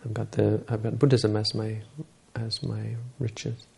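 A man's voice: fairly low pitch, level tone, measured pace, creaky, a little mellow, husky, full character voice. A man playing a very poor, devout man who answers earnestly and stammers.

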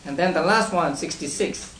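A man leading a study class on meditation texts, explaining slowly and step by step with frequent restarts and soft chuckles. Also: a little high. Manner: chuckles between points. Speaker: Buddhist meditation teacher. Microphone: distant room mic. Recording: roomy distant amateur recording with hiss.

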